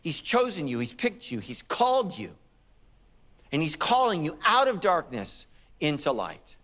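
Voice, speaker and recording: A man's voice: on the high side, huge pitch swings, measured pace, fairly bright tone. A middle-aged man preaching a sermon as pastor, telling stories with humor and acted quotes.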